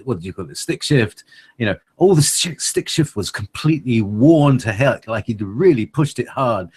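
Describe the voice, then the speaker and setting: Husky, lively man rambling on air. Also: mid-range voice. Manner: rambling and playful, with many fillers and laughs. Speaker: co-host. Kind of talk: casual radio chat.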